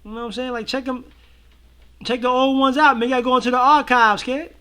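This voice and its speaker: A high-voiced man chats easily with his viewers, full of slang and strings of yeah, yeah. His talk is loose and relaxed, the style of a casual livestream co-host. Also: fairly quick, clear, resonant tone. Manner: laid-back, slangy, many repeated fillers. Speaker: co-host of a reaction show.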